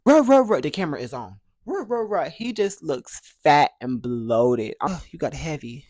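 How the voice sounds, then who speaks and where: A man's voice: fairly high pitch, sing-song, normal speed, few pauses, a little mellow, no echo, clean studio sound. A young man telling a story in a casual vlog, who animatedly acts out other people's dialogue. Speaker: vlogger.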